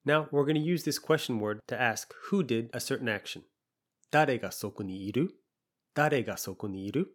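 Speaking at a medium pitch, a male teacher works through a language lesson, slowly and patiently going over sample phrases again and again.

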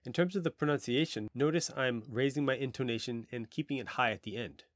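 A man's voice: medium pitch, dry recording, clean studio sound. Patient man teaching a language lesson. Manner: patient, explanatory, models pronunciation slowly. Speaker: language teacher and podcast host.

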